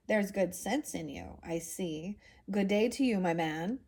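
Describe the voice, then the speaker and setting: A woman's voice: medium pitch, lively intonation, a little slow, a little mellow. A woman reading aloud as an absent-minded old male professor, cheerful and rambling.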